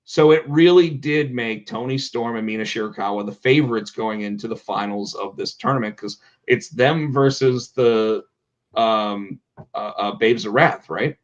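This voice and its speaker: A man hosting a podcast in casual chat, animated and quick to swear. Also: lowish voice. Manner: animated, swears, acts out quotes. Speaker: podcast host. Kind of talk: casual chat about pro wrestling. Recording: dull lo-fi sound.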